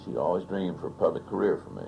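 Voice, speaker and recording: An older Texan man with a deep, creaky, dark voice tells family anecdotes fast and with animation in an oral history interview. He relishes each story like a born raconteur, on low-quality archival audio with a faint hiss.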